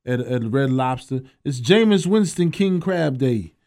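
Sports radio host, male, mid-pitched, loose and jokey. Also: animated, unhurried, darkish tone. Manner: loose, joking, laughs often, trails off mid-sentence. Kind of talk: casual sports talk radio banter.

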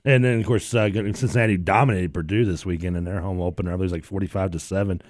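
A man's voice: sits low, fairly even intonation, very fast, darkish tone, no room sound. A man hosting afternoon sports talk radio, chatty, laughing often and telling stories. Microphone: studio microphone.

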